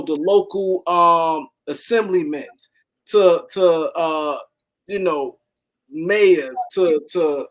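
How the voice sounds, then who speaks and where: A man hosting a live sports talk stream, talking casually and animatedly, often repeating words as he goes. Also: high-pitched. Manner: animated, repeats words, shouts out viewers by name. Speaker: show host.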